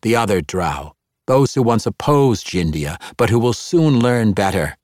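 Man reading a mocking scheming woman, low voice, audiobook. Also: sing-song, a little slow, a little mellow, no room sound, studio quality. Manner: mocking, teasing. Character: scheming sardonic woman, cruelly amused.

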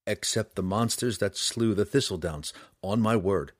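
Male narrator voicing a brooding elf ranger: hushed, grave, deliberate, storybook. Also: husky, dry recording, clean studio sound. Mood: solemn. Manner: low, quiet and solemn, slow measured speech. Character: grave dark elf ranger, weary and noble. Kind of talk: audiobook character voice.

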